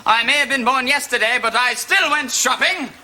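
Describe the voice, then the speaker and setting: A pompous, snobbish Victorian wit. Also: male voice, very high-pitched, moderate pace, heavy background noise. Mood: languid. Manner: languid, pompous quipping. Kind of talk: sketch comedy dialogue.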